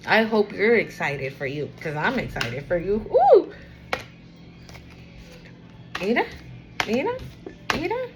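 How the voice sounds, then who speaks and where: A woman giving a casual spiritual card reading to camera, rambling and encouraging the viewer, sometimes dropping to a quieter murmur. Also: fairly low pitch, animated, normal speed, few pauses, over loud music, poor audio. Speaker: tarot and oracle card reader.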